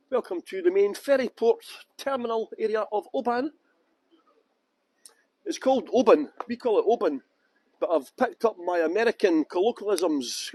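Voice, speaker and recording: A man's voice: sits high, a little mellow, no echo. Chatty Scottish man guiding a live tour. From Scotland. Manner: chatty and jokey, greets viewers by name, breaks into song. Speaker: live-stream tour guide. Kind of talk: casual walking tour commentary. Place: outdoors at a harbour ferry terminal.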